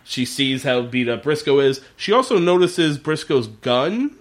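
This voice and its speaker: A man in casual podcast chat, recapping a TV episode in an animated way with plenty of fillers and swearing. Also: medium pitch, measured pace. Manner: animated, profane, lots of fillers. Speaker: podcast co-host.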